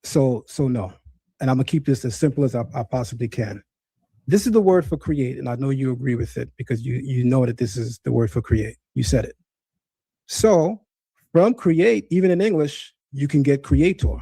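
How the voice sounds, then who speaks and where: A man's voice: mid-range voice, normal speed, gravelly, mellow, breathy edge, dry recording. A man hosting a live stream, teaching Hebrew and debating a caller, emphatic and insistent, repeating points to drive them home.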